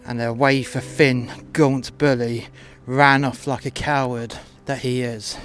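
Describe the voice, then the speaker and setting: A man's voice: medium pitch, level tone, measured pace, a bit bright. A man telling a crude personal anecdote in a blunt, heated, profane way. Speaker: storyteller, former doorman. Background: guitar music.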